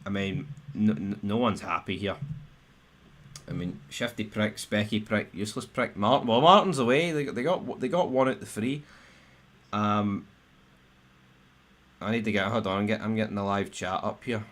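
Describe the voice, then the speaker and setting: A man's voice: fairly low pitch, moderate pace, pauses often, fairly bright tone. A young Scottish man ranting on a live stream, swearing, tripping over restarts, and his voice jumping up sharply when riled. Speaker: football fan live-streamer. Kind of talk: angry live-stream rant.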